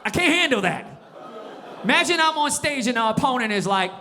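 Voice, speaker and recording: A man in his forties performing a stand-up comedy set, animated and switching into impressions. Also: very high-pitched, a little fast. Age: 40s.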